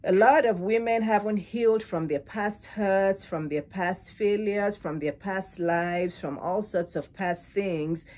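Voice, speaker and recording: A woman's voice: medium pitch, slow pace, few pauses, a little mellow. A middle-aged woman relationship coach giving frank advice straight to the camera. She laughs often mid-sentence and drives her points home with repeated lists. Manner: repeats and stresses words in lists. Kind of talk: direct-to-camera advice talk.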